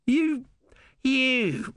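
A shrill, whining little tortoise god. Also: male voice, very slow, fairly bright tone, clean tone, dry recording, exaggerated voice. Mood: scornful. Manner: whining, screechy, indignant.

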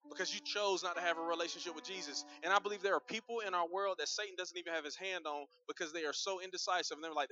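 A man's voice: fairly high pitch, quick pace, hardly any pauses, pushed and bright, dull audio. A male pastor preaching a sermon in a conversational, humorous storytelling manner, speaking directly to his congregation.

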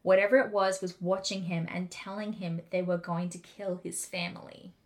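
A woman co-hosting a podcast, telling a haunting story in a casual, animated way with quick asides. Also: on the low side. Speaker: podcast co-host.

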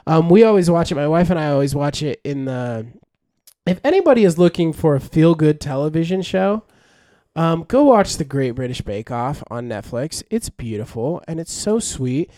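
Young guy rambling happily on a podcast, fairly high but mellow voice, dry close sound. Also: lively intonation, moderate pace, no echo. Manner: enthusiastic, rambling with fillers and restarts. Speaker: podcast co-host. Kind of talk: casual chat.

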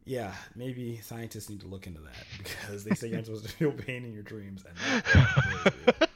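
A young man co-hosting a casual chat, retelling scenes in an animated, exclamatory way with plenty of slang. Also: on the low side, a little fast, a crowd in the background. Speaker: podcast co-host.

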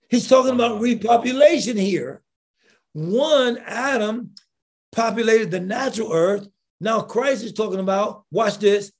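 A bishop preaching with fervor, asking the listeners rhetorical questions and bursting into shouted emphasis. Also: male voice, high-pitched. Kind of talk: impassioned preaching.

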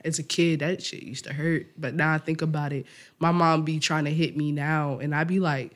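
Animated laughing male podcast co-host. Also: on the high side, normal speed. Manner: animated storytelling, laughs often, acts out quotes, swears freely. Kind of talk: casual chat.

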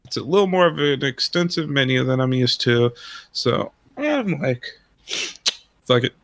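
A man's voice: mid-range voice, expressive, measured pace, fairly bright tone, no echo. A man telling a long story in a casual, rambling way, swearing often and laughing as he goes. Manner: rambling, profane, laughs through his story.

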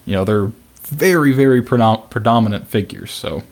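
A man co-hosting a podcast, talking in a relaxed, chatty way. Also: fairly low pitch, normal speed. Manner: relaxed, chatty, laughs along. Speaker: podcast co-host. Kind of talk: casual podcast discussion.

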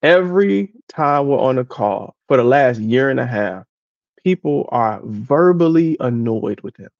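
A man in casual podcast chat, telling an animated story full of impressions and laughter. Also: mid-range voice, unhurried, vocal fry, no echo, dull audio. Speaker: podcast co-host.

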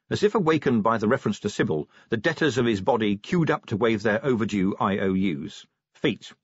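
Husky male audiobook narrator, lively pitch. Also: dry recording. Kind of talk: scripted narration. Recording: dull, dry audiobook recording.

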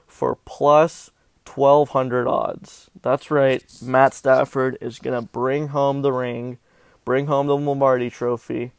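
Gravelly, melodramatic sports-betting host. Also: male voice, mid-range voice, no room sound. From Southern California. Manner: animated, melodramatic self-mocking complaints. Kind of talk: casual sports betting chat.

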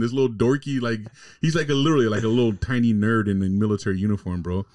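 A podcast host chatting casually with friends. He tells stories in a loose, profane, slangy way at a mid-range pitch. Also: quick pace. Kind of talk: casual chat.

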